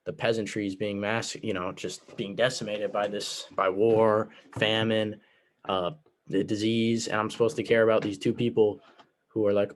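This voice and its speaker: A man's voice: on the low side, little pitch movement, moderate pace. A teenage boy casually ranking books he has read, sarcastic and rambling, with lots of fillers. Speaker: book reviewer. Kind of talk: casual vlog chat.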